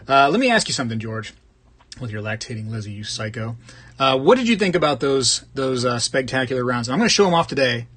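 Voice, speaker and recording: A man's voice: mid-range voice, a bit bright. A man hosting a casual live stream, chatting and joking as he greets viewers by name and rambles between topics. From Florida. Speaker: host of a live coin collecting stream.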